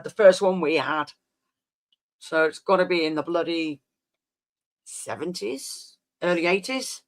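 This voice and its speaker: A woman in her fifties chats casually to her stream viewers. She rambles and reminisces in an easy, meandering way, and often trails off mid-thought. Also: lowish voice. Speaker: live streamer chatting with viewers. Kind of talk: casual chat.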